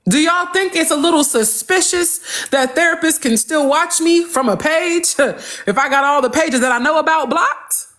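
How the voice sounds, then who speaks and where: A woman's voice: high-pitched, moderate pace, hardly any pauses, fairly bright tone. A woman talking heatedly on a livestream, answering critics with repeated rhetorical questions.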